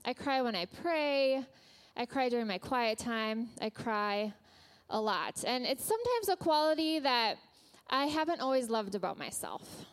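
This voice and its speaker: Smooth, higher-voiced woman preaching candidly. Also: very animated, measured pace. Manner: candid, self-conscious, light laughs, fillers. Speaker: guest speaker at church. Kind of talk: personal sermon. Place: church hall before a congregation.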